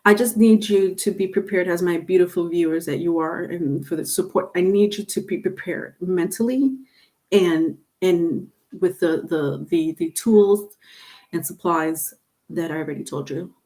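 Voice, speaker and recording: A woman's voice: on the low side, measured pace, a little mellow. A middle-aged woman talks casually through a tarot livestream from home. Her delivery is chatty and loose. She circles back over her points and laughs often. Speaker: tarot reader.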